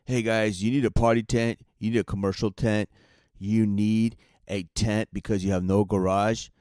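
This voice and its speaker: A man reading a commercial spot in a plain, direct salesman pitch. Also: level tone, normal speed, a little mellow, clear, resonant tone, no echo, clean studio sound. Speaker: ad reader.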